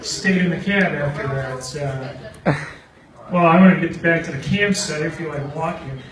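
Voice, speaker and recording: A man's voice: a little high, normal speed. A man doing stand-up, telling a rambling story and laughing at his own jokes. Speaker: stand-up comedian. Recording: echoey room from far off with faint ambience.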